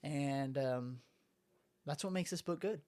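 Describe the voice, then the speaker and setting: A man's voice: a little high, slow, darkish tone. A young adult man co-hosting a podcast from a room at home, recapping comics in a rambling way and acting out quotes. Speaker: podcast co-host. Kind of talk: casual chat, recapping comics.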